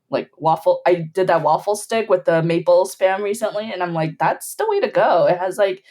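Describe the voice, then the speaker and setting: A woman on a podcast telling childhood stories in an animated way, laughing often and filling her talk with "like". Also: on the low side. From grew up between Bolivia and the US. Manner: animated storyteller, laughing often, with frequent "like" fillers. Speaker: podcast guest. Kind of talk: casual podcast chat.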